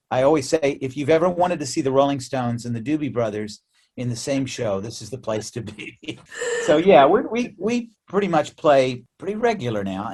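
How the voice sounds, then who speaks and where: An American man, a musician guest in a remote interview, telling stories in a lively, chatty way with frequent laughs and restarts. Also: medium pitch. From United States. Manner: animated storyteller, laughs often, many restarts. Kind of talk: casual interview chat.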